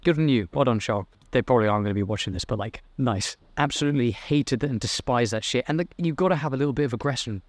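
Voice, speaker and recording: A man's voice: mid-range voice, no room sound. A young man, giving a blunt, swearing motivational talk to camera as a self-improvement vlogger. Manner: blunt, profane, fired-up.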